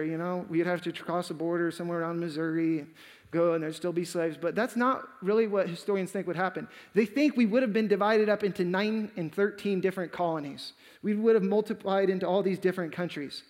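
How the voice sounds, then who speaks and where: A man's voice: high-pitched, in a large hall. A man preaching a sermon, telling a story dramatically and acting out the quoted lines. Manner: dramatic, acts out quoted dialogue.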